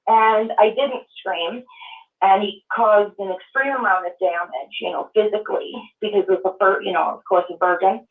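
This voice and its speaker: A woman from Minnesota calling in to a show, telling her story in a halting, emotional way. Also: mid-range voice, fairly even intonation. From Minnesota, USA. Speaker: caller. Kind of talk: call-in testimony. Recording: distant tinny phone line.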